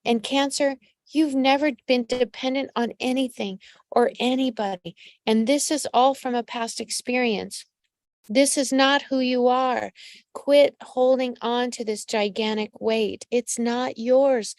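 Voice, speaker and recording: A woman psychic medium hosts a live reading in a fairly high voice, recorded close and dry with no room sound. She coaches listeners directly and keeps calling them honey and darling. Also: fairly even intonation, a little slow, no echo. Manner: affectionate, calls listeners pet names. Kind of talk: live-streamed astrology reading.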